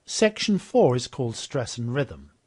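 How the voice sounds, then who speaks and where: Man, mid-pitched voice, calm explanatory software demo narration. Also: unhurried. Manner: explanatory, steady, repeats model phrases after the clips. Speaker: software demonstrator.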